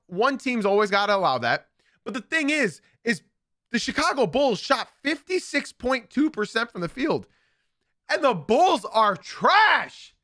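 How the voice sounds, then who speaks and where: Emphatic bright-voiced male sports podcaster. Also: sits high, dry recording, clean studio sound. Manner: emphatic, opinionated, repeats points for stress. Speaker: podcast host. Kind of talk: live sports podcast commentary.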